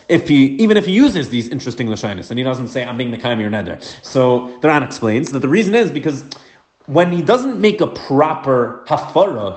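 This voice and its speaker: A man giving a Talmud lesson, explaining the text quickly and mixing English with Hebrew and Aramaic terms. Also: medium pitch. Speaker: Talmud teacher. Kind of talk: daf yomi Gemara lesson. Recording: echoey room.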